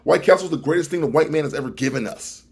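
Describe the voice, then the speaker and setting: A man telling a comedic story on his vlog, animated, swinging from loud, exaggerated lines to low mutters. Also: racing, vocal fry, husky. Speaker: vlogger.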